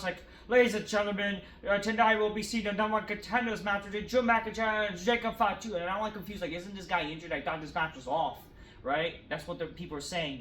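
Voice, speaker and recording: A woman's voice: medium pitch, a bit bright. A woman reviewing a wrestling show in a casual, profane rant. She sounds exasperated and sarcastic, with lots of fillers and restarts. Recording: roomy echo.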